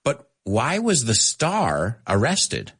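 Playful, husky-voiced male teacher. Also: medium pitch, slow. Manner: animated and playful, laughing at his own jokes. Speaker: English teacher on a live stream. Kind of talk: casual live-stream language lesson.

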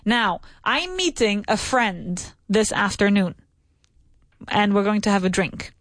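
Encouraging English teacher, dry close sound. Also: female voice, medium pitch, animated, a little slow, dry recording. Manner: patient, encouraging, repeats answers and praises. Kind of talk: private English lesson. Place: Madrid.

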